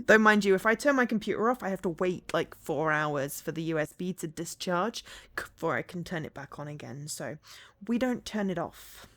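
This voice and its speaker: A woman's voice: lowish voice, lively intonation, moderate pace, fairly bright tone. Chatty woman streamer who laughs often. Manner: chatty and rambling, laughs often, hums and sings snatches of songs. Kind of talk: casual live-stream chat with viewers. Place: home.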